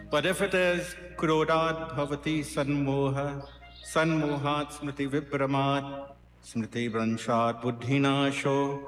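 A man's voice: fairly high pitch, fairly bright tone. Earnest man, roomy hall. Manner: storytelling, repetitive, earnest. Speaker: satsang speaker. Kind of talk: devotional sermon. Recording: roomy hall, faint music.

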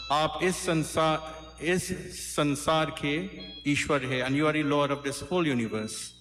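A man with a slightly high voice delivers a devotional sermon, telling a sacred story with emphatic, repeated phrases and turning often to speak straight to his listeners. His voice rings through a large hall with a long echo, and faint music plays behind him. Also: fairly even intonation, normal speed, fairly bright tone. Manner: emphatic, repeats phrases, addresses the congregation directly. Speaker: religious storyteller.

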